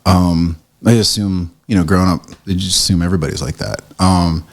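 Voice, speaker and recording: Animated low-voiced man telling stories. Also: brisk. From United States. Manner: animated storyteller, acts out quotes with swearing. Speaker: podcast guest, print shop owner. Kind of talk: casual conversation.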